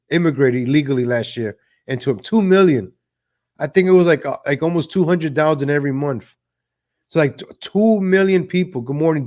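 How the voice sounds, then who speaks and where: A man's voice: a little high, a little mellow. Ranting man hosting a livestream. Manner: ranting, sarcastic, many fillers like "like". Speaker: show host. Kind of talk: livestream political commentary.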